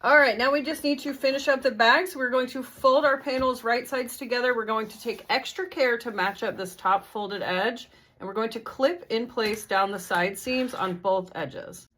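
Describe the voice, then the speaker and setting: Woman calmly explaining a sewing project. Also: fairly high pitch, moderate pace, hardly any pauses. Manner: friendly, methodical, casual explaining. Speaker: sewing instructor. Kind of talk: step-by-step tutorial narration.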